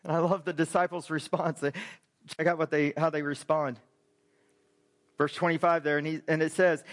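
A man's voice: a little high, flat delivery, normal speed, long pauses, fairly bright tone. A man preaching a sermon to his church as pastor, emphatic and full of rhetorical questions to the congregation.

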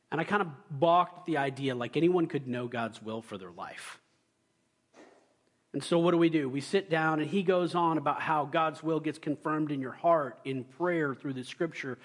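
High-voiced man preaching a story-driven sermon. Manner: storytelling, swings between loud excited bursts and quiet asides. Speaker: pastor.

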